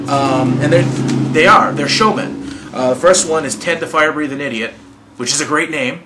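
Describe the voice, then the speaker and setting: A man's voice: on the high side, normal speed, background noise. A man hosting a hot sauce video channel, talking casually to camera in a rambling, enthusiastic way and often correcting himself.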